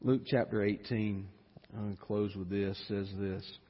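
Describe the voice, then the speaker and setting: A pastor preaches an emotional evening sermon in a church sanctuary, growing animated and repeating words as he builds and gets stirred. His voice is lowish and a little slow. The large hall comes through on a lo-fi recording.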